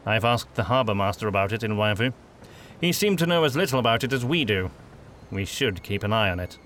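A man's voice: lowish voice, animated, a little fast, a bit bright, slight background noise. A man voicing a stern older male witch hunter master, curt, sarcastic and domineering.

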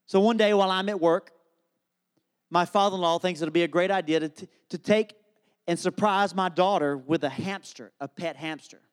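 A man's voice: sits high, moderate pace, clear, resonant tone. A man preaching a sermon, telling a funny family story as a lead-in to his message. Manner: humorous, animated storyteller. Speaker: pastor.

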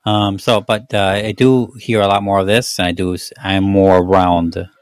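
Mexican-accented podcast guy, low voice, rambly, lots of ums. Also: little pitch movement, normal speed, dry recording. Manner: rambling, many fillers and restarts. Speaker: podcast host. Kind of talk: casual movie-review chat.

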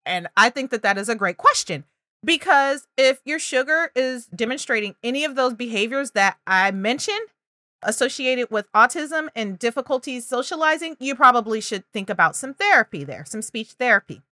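Bright, animated woman giving parenting advice. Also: a little high, moderate pace, dry recording, studio quality. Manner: animated, acts out child and parent voices.

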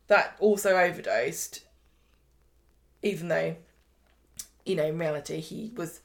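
A woman's voice: medium pitch, unhurried, gravelly. A woman co-hosting a podcast, chattily recapping soap scenes in a casual chat. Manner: chatty, recounts scenes with quoted voices. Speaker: podcast co-host.

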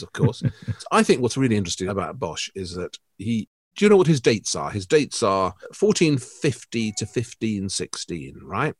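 A man co-hosting an art podcast, talking in a lively, jokey, slightly theatrical way. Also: lowish voice, no room sound, clean studio sound. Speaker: podcast co-host. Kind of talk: casual chat.

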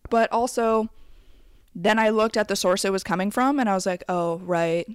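A woman's voice: mid-range voice, a little fast, clear, resonant tone, no echo. A woman in her late twenties speaks bluntly, swearing freely as she gives candid advice with chatty asides. Her voice sits in a mid range for a woman. The recording is dry and close, with no room sound. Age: 20s. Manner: blunt, profane and emphatic; conversational, with frequent asides. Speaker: vlogger. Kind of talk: candid advice rant to camera.

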